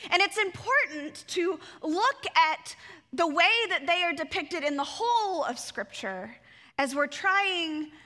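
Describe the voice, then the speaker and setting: A woman's voice: high voice, pushed and bright. A woman pastor preaching a sermon in a reflective way, asking her congregation rhetorical questions. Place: church sanctuary. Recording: long church reverb.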